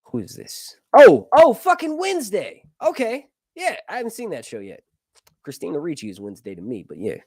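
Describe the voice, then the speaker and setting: A man's voice: high voice, huge pitch swings, brisk, darkish tone, slightly rough, no room sound, clean studio sound. A man in his early thirties, host of a casual live stream, rambling, joking and swearing as he loses his train of thought. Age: 30s.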